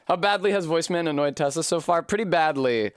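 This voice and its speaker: A man streaming a game live, animated and swearing freely between bursts of laughter. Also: on the high side, quick pace, smooth, dry recording, studio quality. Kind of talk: live gameplay commentary.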